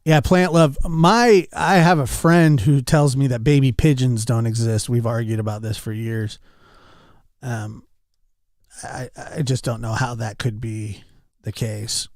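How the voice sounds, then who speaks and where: A man's voice: medium pitch, fairly even intonation, measured pace, darkish tone, no echo, clean studio sound. Man rambling casually on a stream. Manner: rambling anecdotes, addresses chat by name. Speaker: livestreamer.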